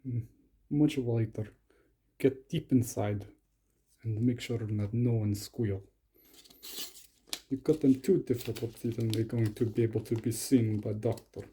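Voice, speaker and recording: A man's voice: medium pitch, fairly even intonation, measured pace, pauses often, mellow, a little hiss or hum. A young man doing playful, comic commentary while unboxing lock picks, sometimes slipping into a mock Russian persona.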